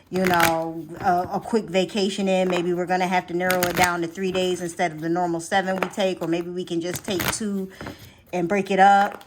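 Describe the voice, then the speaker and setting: A woman doing a relaxed tarot reading straight to camera for her viewers. She talks in a chatty, animated way and keeps checking in with them. Her voice rises and falls widely in pitch and loudness. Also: background noise. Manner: chatty, animated, addresses viewers directly with frequent "okay?"; lively swings in pitch and loudness. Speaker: tarot reader.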